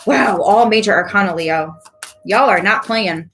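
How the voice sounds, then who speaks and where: A woman giving a casual tarot reading to her viewers, chatty and quick to laugh, with animated asides. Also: mid-range voice, soft background music. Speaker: tarot reader.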